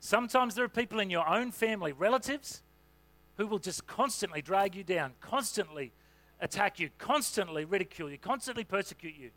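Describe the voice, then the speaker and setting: His voice sitting high and his pace brisk, a senior pastor preaches in a relaxed, conversational way, scattering many "you know" fillers through the sermon.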